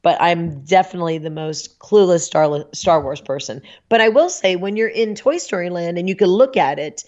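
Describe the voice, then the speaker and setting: A woman podcast guest chatting casually, telling animated stories and laughing often. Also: lowish voice, moderate pace, dull audio. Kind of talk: casual chat.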